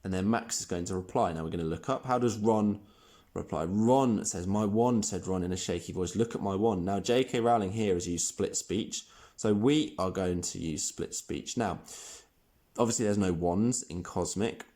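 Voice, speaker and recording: A man teaching a primary school writing lesson, explaining each step clearly while he types. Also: sits low, normal speed, mellow. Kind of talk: recorded online lesson.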